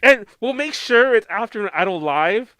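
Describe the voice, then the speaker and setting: A man's voice: high voice, animated, normal speed, pushed and bright, clean tone, dry recording. An American man co-hosting a podcast in casual chat, rambling, laughing often and swearing freely. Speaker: podcast co-host.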